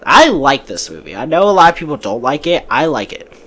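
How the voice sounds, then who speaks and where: A man's voice: fairly high pitch, sing-song, brisk, a bit bright, a little hiss or hum. Casual chatty man hosting a podcast. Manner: chatty, breezy opinions with frequent restarts. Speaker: podcast host. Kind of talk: casual movie podcast chat.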